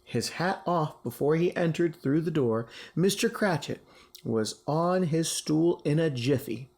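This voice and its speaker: A teacher reading a classic story aloud to his class. His delivery is slow and very expressive, rising and falling widely, with a gravelly, somewhat husky voice. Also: fairly high pitch.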